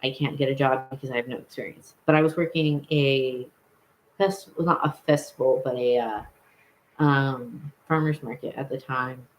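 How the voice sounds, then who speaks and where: A man's voice: medium pitch, steady tone, normal speed, a little hiss or hum, rough recording. A young man telling a personal story in a casual vlog, rambling, with many fillers and self-corrections. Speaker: vlogger.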